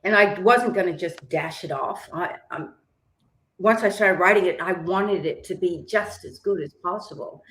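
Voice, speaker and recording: A woman's voice: fairly low pitch, moderate pace, fairly bright tone, reverberant. A woman singer-songwriter and author, chatting as a podcast guest in a self-deprecating way and laughing often. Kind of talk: casual interview chat. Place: lives in Melbourne.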